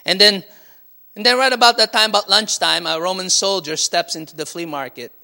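A man's voice: high-pitched, brisk, creaky, sharp tone. A man preaching a sermon as pastor, with frequent call-and-response and light laughter. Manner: call-and-response, asking "Amen?" and laughing often.

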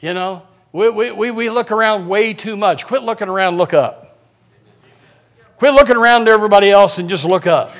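High-voiced fiery man preaching a sermon. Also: fairly quick. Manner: fiery preaching, swings from loud shouts to quiet asides; repeats words, stammering restarts. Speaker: pastor.

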